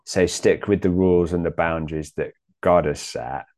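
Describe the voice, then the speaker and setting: A man in a casual theological discussion, thinking aloud with many pauses and restarts. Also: low voice, steady tone, a little mellow. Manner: hesitant, many ums and restarts.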